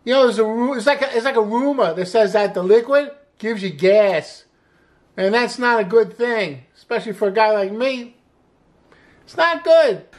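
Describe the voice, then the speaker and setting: A middle-aged male chef hosts a cooking show in a high voice at normal speed. Chatty and upbeat, he walks through a recipe step by step, exclaiming often in this casual cooking demonstration.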